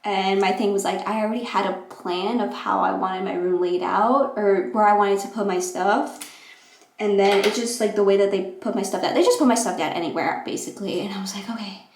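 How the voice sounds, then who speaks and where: A woman's voice: medium pitch, a little fast, a little hiss or hum. Rambling young woman in an echoey room. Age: young adult. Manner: rambling, acts out quotes with animated voices. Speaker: vlogger. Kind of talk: casual storytime.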